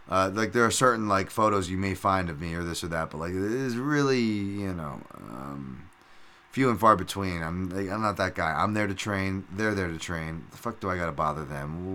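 A man's voice: low-pitched, pushed and bright. A middle-aged man hosting a casual solo podcast, rambling and swearing freely with lots of fillers and restarts. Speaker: podcast host.

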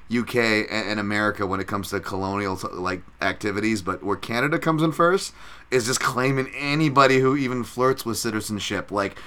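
A man's voice: mid-range voice, sharp tone. A man hosting a solo podcast who breaks down fights in a casual, profane and rambling way. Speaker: podcast host.

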